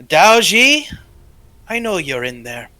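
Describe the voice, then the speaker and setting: A man voicing a commanding half-elf villain whose magically amplified voice booms accusations from outside in a tabletop game. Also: big pitch swings, takes it slowly, no echo, exaggerated voice. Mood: menacing. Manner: loud, booming, accusing.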